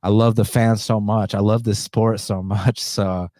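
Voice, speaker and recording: A podcast host, a man, talking in a subdued indoor voice, short of breath and pausing for deep breaths, blunt and profane. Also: little pitch movement, darkish tone, no room sound, studio quality. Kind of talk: casual podcast monologue.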